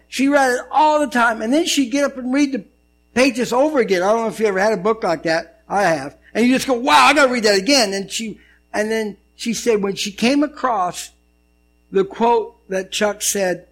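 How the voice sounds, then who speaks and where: A man preaching a sermon, telling a story and swinging between loud and hushed delivery. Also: high-pitched, gravelly, low-quality recording. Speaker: pastor.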